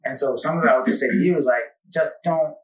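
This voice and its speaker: A podcast host, here the one being interviewed, fields guest questions in a casual conversation, rambling through animated stories packed with asides. His voice is fairly high and he talks fast. The recording comes from an echoey room with the mic set at a distance.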